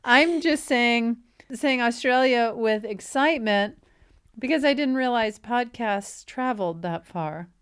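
Slow, deadpan woman co-host. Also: on the high side, clean tone. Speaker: podcast co-host and comedian. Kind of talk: casual chat.

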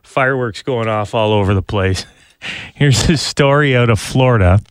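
A man's voice: mid-range voice, normal speed, clean tone, dry recording. A man from Canada co-hosting a radio show, chatting casually and laughing often.

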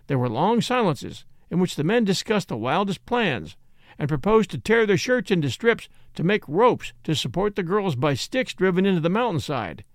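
A man reads a classic Western story aloud in an expressive, dramatic way. His voice sits high and moves a lot in pitch. The recording is close and dry. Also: no echo. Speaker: narrator.

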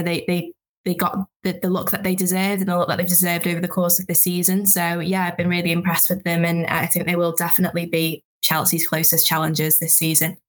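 A woman football journalist on a podcast panel, talking through her analysis quickly and thinking aloud. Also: fairly low pitch. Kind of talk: casual chat.

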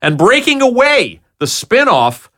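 A man hosting a podcast reads off show titles and dates in an animated, chatty way. His pitch moves a lot, and his tone is bright and forward. The recording is dry and close. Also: unhurried, no room sound. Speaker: podcast host. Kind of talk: casual chat, reading out TV listings.

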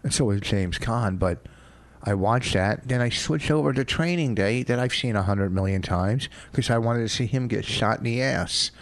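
A man's voice: mid-range voice, normal speed, hardly any pauses, dry recording. A man hosting a loose comedy talk show, telling stories in a rambling, profane way. His voice sits in a middle register. The recording is dry and close. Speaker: comedian host. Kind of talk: casual chat.

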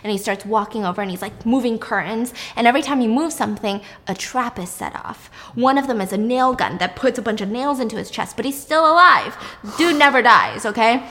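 Animated young woman retelling a movie. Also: a little high, a little fast, few pauses, in a large hall. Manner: animated, swears casually. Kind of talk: casual film plot recap.

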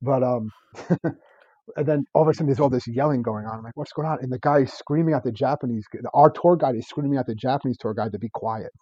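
Fast-talking rambling podcast man. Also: mid-range voice, warm tone, husky, no room sound, dull audio. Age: 30s. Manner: rambling, laughs often, stacks fillers. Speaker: podcast co-host. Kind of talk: casual history chat.

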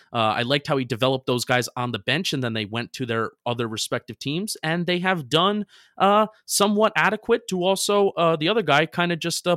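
A man's voice: mid-range voice, a bit bright, no room sound, studio quality. A man hosting a casual sports podcast, rambling and poking fun at himself. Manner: rambling, self-deprecating, trips over words. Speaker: podcast host.

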